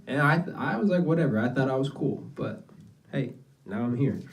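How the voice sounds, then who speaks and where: Far from the mic, a young comedian on his first stand-up outing in a small basement club rambles through profane, casual stories. He has an expressive mid-range voice at a moderate pace.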